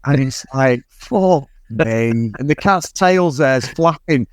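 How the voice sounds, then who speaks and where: Sweary, rambling man, slightly high voice. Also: a little slow, no room sound, studio quality. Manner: sweary, rambling, laughs often. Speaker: podcast co-host. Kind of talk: casual film review chat.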